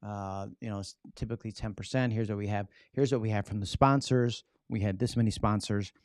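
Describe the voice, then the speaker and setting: A man hosting a live stream on public speaking, teaching in an energetic, casual way and often checking in with "right?". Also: on the low side, fairly quick, no room sound, studio quality.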